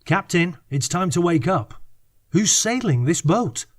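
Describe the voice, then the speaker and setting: A man's voice: mid-range voice, sing-song, a little slow, a little mellow, slightly rough, no room sound, clean studio sound, heavily acted. A man voicing the anxious male first-person hero of an audiobook, calling out in a raised voice. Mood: urgent.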